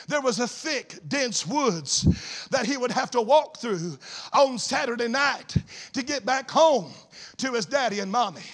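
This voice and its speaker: A man preaching a sermon, telling a story and building into fervent shouts. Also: very high voice.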